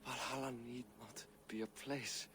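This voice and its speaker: An actor playing a dying, loyal warrior cousin who speaks slowly and weakly, with resignation, in a video game. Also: male voice, mid-range voice, level tone, noisy background, close to an everyday voice. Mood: fading, proud. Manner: slow, weak, resigned.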